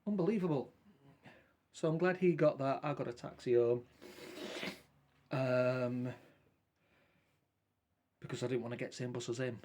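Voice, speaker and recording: A man's voice: mid-range voice, steady tone, unhurried, pauses often, a little mellow, slight background noise. A man telling a long rambling story in casual talk, quoting what he and others said. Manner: rambling, colloquial, repeats quoted dialogue with "I says". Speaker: vlogger.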